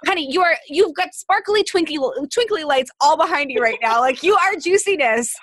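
A woman's voice: sits high, expressive, normal speed, fairly bright tone, no echo, studio quality. A woman hosting a podcast interview, talking in an effusive, gushing way about her guest. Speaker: podcast host. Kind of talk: casual interview chat.

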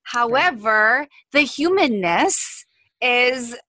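A woman's voice: a little high, expressive, extremely slow, sharp tone, no echo, clean studio sound. A woman hosting a podcast interview, talking in an effusive, gushing way about her guest. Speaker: podcast host. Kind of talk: casual interview chat.

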